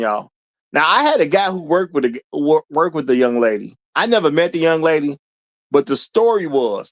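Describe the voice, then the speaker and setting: A man hosting a livestream, talking bluntly and lecturing his chat in casual commentary. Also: on the high side. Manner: blunt, preachy, talks straight to the chat. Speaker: livestream host.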